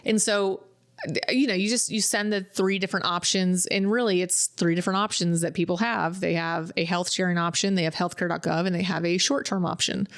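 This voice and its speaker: A woman's voice: on the low side, fairly even intonation, a little fast. A woman co-hosting a podcast, chatting casually and acting out what her clients said. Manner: chatty storyteller, acts out clients' quotes. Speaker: podcast co-host. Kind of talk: casual chat.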